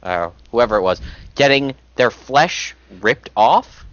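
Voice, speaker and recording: A man co-hosting a podcast in casual, excitable chat. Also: mid-range voice, slow, dull audio. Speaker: podcast co-host.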